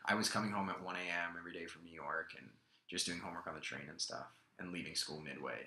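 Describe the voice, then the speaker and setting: A man's voice: low-pitched, fairly even intonation, quick pace, bright, forceful tone. A young man from Russia, a guest actor, chatting and rambling through stories in a casual interview. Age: young adult. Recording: echoey room.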